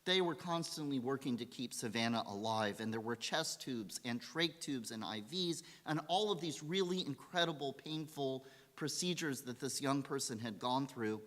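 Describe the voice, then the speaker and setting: A man giving a holiday sermon as rabbi, telling a story and acting out the quotes in a lively way. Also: medium pitch, normal speed, few pauses. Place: synagogue sanctuary. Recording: long hall reverb.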